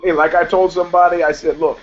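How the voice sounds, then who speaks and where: A man's voice: a little high, little pitch movement, fast. A man co-hosting a casual talk show, telling profane stories and laughing often. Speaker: podcast co-host. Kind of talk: casual chat. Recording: dull lo-fi sound.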